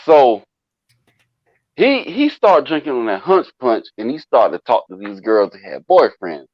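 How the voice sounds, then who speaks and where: In a dull, dry lo-fi recording with no echo, a man with a mid-range voice tells a friend a long party story at a measured pace. He's animated and profane, voicing the quotes of the people involved.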